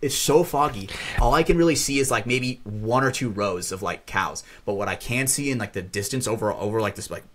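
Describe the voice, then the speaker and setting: A man recounts a story on a podcast in a loose, rambling way, peppered with fillers and swearing. His voice sits at an ordinary middle pitch. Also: fairly quick, hardly any pauses. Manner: rambling, full of fillers and profanity. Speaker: podcast co-host. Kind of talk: casual storytelling.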